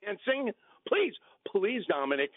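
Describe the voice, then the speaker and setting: A man's voice: high voice, sing-song, a little slow, no room sound. A man calling in to a radio talk show, arguing his point emphatically and repeating himself. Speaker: caller. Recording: tinny phone line.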